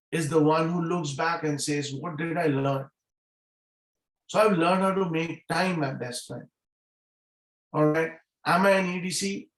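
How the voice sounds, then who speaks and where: A man's voice: a little high, reverberant, low-quality recording. A middle-aged man speaking as a guest at a business meeting over a video call, earnest and repeating key phrases for emphasis. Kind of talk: motivational talk on a video call.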